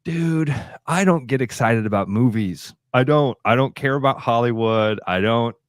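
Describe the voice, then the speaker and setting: A man's voice: medium pitch, normal speed, no room sound, studio quality. A middle-aged man with a Midwestern American accent, co-hosting a radio show and telling a story in a chatty, easygoing way. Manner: chatty, storytelling, laughs easily. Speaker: radio co-host. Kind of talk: casual radio chat. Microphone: studio microphone.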